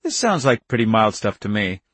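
A man voicing a relaxed, wry young male undergraduate in a dry studio recording. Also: fairly low pitch, normal speed, husky, no room sound, heavily acted. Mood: easygoing.

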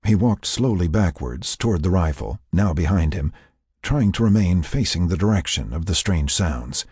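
A man reading a story aloud as narrator, in expressive scripted narration. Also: deep voice, moderate pace, breathy edge, no room sound, studio quality. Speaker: audiobook narrator.

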